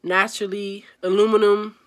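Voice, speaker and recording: A woman's voice: medium pitch, flat delivery, normal speed, fairly bright tone. Chatty young woman from D.C. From Washington, D.C. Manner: chatty, upbeat, reads word lists aloud. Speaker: vlogger. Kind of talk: casual chat.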